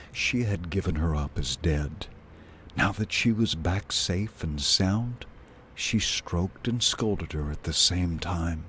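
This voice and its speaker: A man reading a children's novel aloud in a slow, measured way, as a storyteller. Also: low-pitched, a little hiss or hum.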